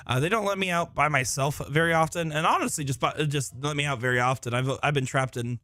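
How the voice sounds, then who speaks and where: A man's voice: fairly high pitch, fast talker, bright, forceful tone, dry recording. A man giving live solo commentary at a darts tournament in a busy room, chatting with viewers and joking about himself. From Florida. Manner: chatty, joking, self-deprecating.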